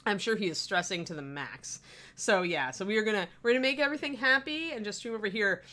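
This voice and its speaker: A woman's voice: medium pitch, animated, fast talker, pushed and bright. A sleepy woman chatting casually while she livestreams her miniature painting, rambling and laughing often. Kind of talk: casual live-stream chat. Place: home streaming room.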